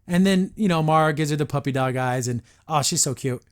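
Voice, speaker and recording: A man's voice: a little high, a little fast, smooth. A man hosting a podcast, chatting casually and opinionatedly through an episode review and acting out the characters' lines in his own take on their voices.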